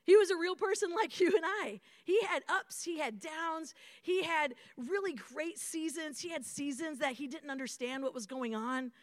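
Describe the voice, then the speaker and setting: A young adult woman preaching a sermon to young adults in a conversational, animated way, calling on the room to respond. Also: sits high, normal speed, hardly any pauses, no room sound, studio quality.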